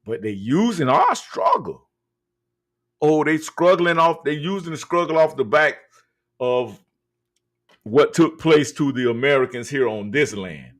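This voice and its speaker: A man's voice: fairly high pitch, animated, unhurried. A man hosting a live stream, talking emphatically and drawing out his words with many hesitations. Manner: emphatic, drawn out, many uh fillers. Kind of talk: casual live-stream talk.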